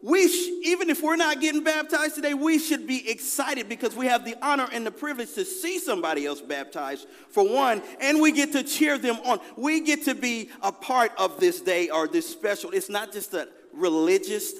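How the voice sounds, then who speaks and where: A man, preaching a lively, conversational sermon with call-and-response and a personal story in a large church. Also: extremely high pitch, moderate pace, few pauses. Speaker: pastor. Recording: long hall reverb.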